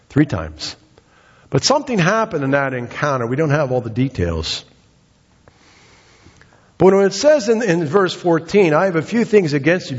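A man's voice: medium pitch, slightly rough. A man preaching a sermon, retelling a scripture story in a conversational, storytelling way. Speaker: pastor. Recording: dull sound with long hall reverb.

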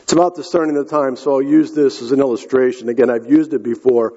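Man, pastor preaching, earnest, husky, long hall reverb, muffled lo-fi sound. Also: medium pitch, fairly even intonation, fast, mellow. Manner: earnest, repeats and restarts phrases. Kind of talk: sermon. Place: large church hall.

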